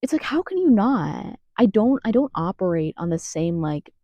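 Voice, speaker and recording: Her mid-range voice is very animated and dark in tone, moving at normal speed as this young American woman angrily rants in a closet-recorded vlog. She swears and rambles with many restarts. The recording is dry and the audio dull.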